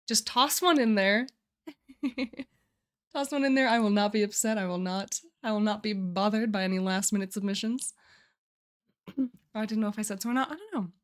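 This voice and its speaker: Young woman streamer rambling cheerfully to chat, lots of little laughs, voice a bit on the high side. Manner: chatty, giggly, restarts phrases. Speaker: streamer running a writing challenge. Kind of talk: casual live-stream chat.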